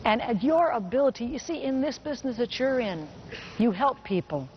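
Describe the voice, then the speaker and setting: A woman's voice: fairly high pitch, animated. Middle-aged woman telling a personal story. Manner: personal storytelling, slows down for emphasis. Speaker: motivational speaker. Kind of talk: motivational keynote speech. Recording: muffled recording with faint hiss.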